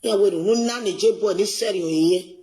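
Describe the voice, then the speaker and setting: A man's voice: high-pitched, fairly quick, warm tone. A man speaking in a recorded clip that is played back for the host to react to.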